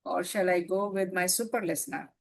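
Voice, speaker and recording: A woman's voice: on the low side, fairly even intonation, brisk, gravelly. A woman hosting an online club meeting who thanks an evaluator and introduces the next role, with frequent fillers. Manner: hesitant with many fillers. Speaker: meeting host.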